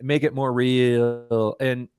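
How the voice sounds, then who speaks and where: A man co-hosting a casual anime review chat, explaining things in a measured way. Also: mid-range voice, little pitch movement. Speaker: movie review co-host.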